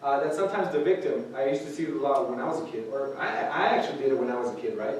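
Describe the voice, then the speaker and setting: Rapid-fire and medium-pitched, a man preaches an informal sermon to a group as a youth speaker. The talk is loose, riddled with fillers and restarts, and the distant recording in an echoey room carries a faint hiss or hum.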